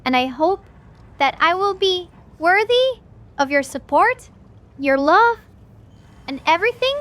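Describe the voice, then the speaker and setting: Woman streamer, very high voice, excitable and gushy, lots of restarts; casual stream sign-off. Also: unhurried. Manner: gushing, excitable, stumbling over her words. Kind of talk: livestream wrap-up chat.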